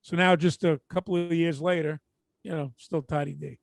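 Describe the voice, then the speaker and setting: Brooklyn man, high voice, dry sound. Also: normal speed, vocal fry, no room sound. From Brooklyn, New York. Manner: animated storyteller, swears freely, acts out both sides of conversations. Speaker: podcast co-host. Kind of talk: casual chat.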